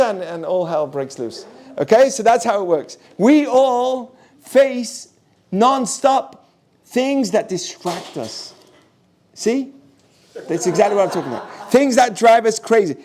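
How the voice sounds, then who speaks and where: Rabbi giving a class: man, high voice, animated, quizzes the room. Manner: animated, asks the audience questions, mixes in Hebrew terms. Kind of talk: lively Torah class.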